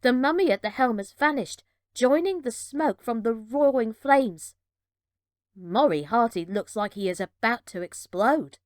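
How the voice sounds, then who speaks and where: A woman reading a children's adventure storybook aloud with measured, dramatic narration. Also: fairly high pitch, lively intonation, no room sound, clean studio sound.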